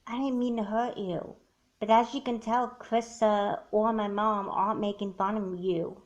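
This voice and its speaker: A woman's voice: medium pitch, fairly even intonation, measured pace, lo-fi sound, close to an everyday voice. A woman voicing an earnest young girl who explains herself in a doll movie. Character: girl who broke a friend's secret.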